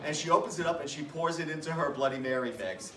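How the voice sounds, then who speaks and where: A man's voice: fairly high pitch, fast talker, fairly bright tone, recorded from a distance. A middle-aged man, the son of the departed, gives a toast at a memorial gathering. He talks in a chatty, self-mocking way, laughs through his funny stories and sometimes falters with emotion. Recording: echoey room, speaker away from the mic, background noise.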